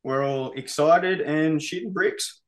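Speaking slowly in a fairly high voice, an Australian metal band musician chats as a guest in a relaxed interview. He swears freely and keeps dropping "mate."

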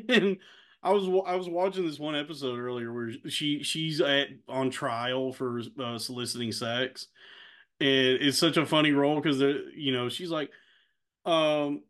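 A man in his thirties co-hosting a casual podcast, laughing often and acting out quotes in a higher voice. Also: measured pace, fairly bright tone. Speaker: podcast co-host. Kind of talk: casual chat.

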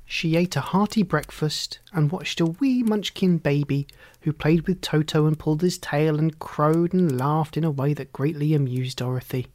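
Hushed, half-whispered storybook narrator, dry close sound. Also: medium pitch, no room sound. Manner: soft and hushed, often half-whispered, unhurried. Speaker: audiobook reader.

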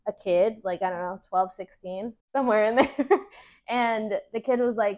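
A woman's voice: on the high side, moderate pace, muffled recording. A woman co-hosting a casual podcast chat, talking loosely with lots of fillers and frequent laughs. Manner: chatty, laughs often, many "like" fillers.

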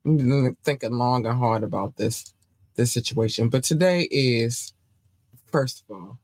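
Slow-talking rambling woman host. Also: extremely low pitch, a little mellow, breathy edge. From Baltimore, United States. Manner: loose and rambling, repeats words; chewing gum while talking. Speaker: show host. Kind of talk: casual livestream chat.

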